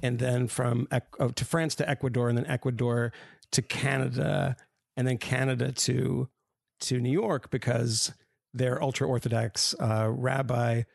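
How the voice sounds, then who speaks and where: A man's voice: medium pitch, level tone, a little slow, gravelly, dry recording, clean studio sound. A man co-hosting a podcast, chatting casually and telling wry, rambling stories that he laughs at. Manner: wry, rambling storyteller who laughs at his own anecdotes. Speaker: podcast co-host. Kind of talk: casual panel chat.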